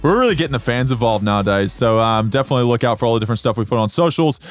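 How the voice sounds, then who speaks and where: Upbeat young podcast host, half American. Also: male voice, medium pitch, animated, very fast, few pauses, faint music behind. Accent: American with some Australian. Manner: upbeat, chatty, laughs often. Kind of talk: casual podcast chat.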